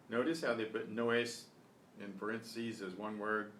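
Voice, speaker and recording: A man's voice: lowish voice, recorded from a distance. Patient male teacher in a roomy space. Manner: patient, explanatory, repeating phrases slowly. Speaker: Spanish teacher. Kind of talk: online beginner language lesson. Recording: roomy echo with faint noise.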